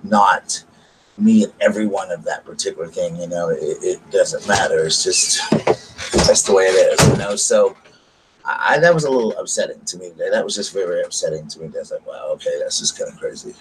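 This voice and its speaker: Southern american man, lowish voice, rambling casual vlog chat, repeats himself, faint background hiss. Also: brisk, low-quality recording. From United States. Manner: rambling, repeats himself, retells quarrels with quoted dialogue. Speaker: vlogger. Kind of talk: casual storytelling chat to camera.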